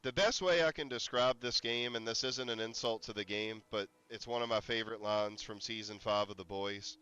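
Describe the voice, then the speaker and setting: A man's voice: fairly low pitch, bright, forceful tone, clear, resonant tone, lo-fi sound. A man streaming a game, chatting casually and rambling, breaking into laughter and startled yelps. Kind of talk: casual gameplay commentary.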